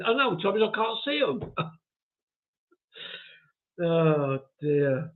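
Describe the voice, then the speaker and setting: A man's voice: sits high, very animated, takes it slowly, pauses often. A man hosting a live stream, reading viewer comments aloud in a chatty, self-mocking way and chuckling often. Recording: tinny phone-like audio.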